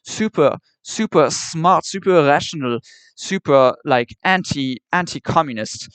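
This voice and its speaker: A man's voice: a little high, animated, measured pace, fairly bright tone, clean tone, dry recording. A man streaming live, arguing with and ranting at his chat in an exasperated, repetitive way. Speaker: livestreamer.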